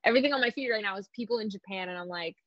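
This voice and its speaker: A woman's voice: mid-range voice, racing, dry recording, lo-fi sound. A nineteen-year-old woman from Arizona, a pro wrestler talking as an interview guest in a bubbly, rambling way full of "like". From Phoenix, Arizona, US. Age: young adult, 19. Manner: bubbly, rambling, heavy use of "like". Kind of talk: casual interview chat.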